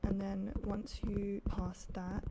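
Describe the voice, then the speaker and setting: Casting note: young Australian woman streamer, gravelly, laughs a lot, noisy home setup with clicks behind her. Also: medium pitch, monotone, takes it slowly. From South Australia. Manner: chatty, laughs often, swears casually. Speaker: livestreamer. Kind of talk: casual chat. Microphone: desk mic.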